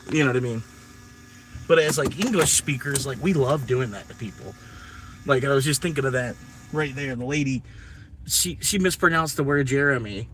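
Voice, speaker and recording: A man's voice: mid-range voice, a little fast, noisy background. A man chatting casually on a live stream while driving deliveries, rambling with lots of fillers. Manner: rambling, laid-back, full of fillers. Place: inside a car on delivery runs.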